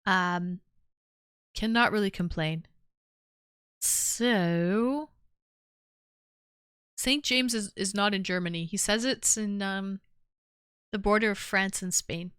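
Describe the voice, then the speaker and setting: A woman's voice: mid-range voice, slow, long pauses, fairly bright tone, clean tone, no echo, clean studio sound. A woman hosting a live call-in stream, chatting casually and teasing her callers in an upbeat way.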